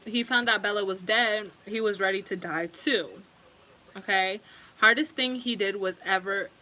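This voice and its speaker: A woman's voice: mid-range voice, bright, forceful tone, a little hiss or hum, rough recording. A young woman giving a casual tarot reading, rambling and emotional, with lots of fillers and swearing. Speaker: tarot reader.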